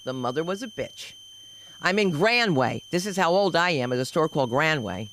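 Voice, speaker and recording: A woman doing stand-up comedy on a club stage, telling stories in a lively, swooping way and throwing in shouted sound effects. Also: low voice, normal speed, slight background noise, low-quality recording.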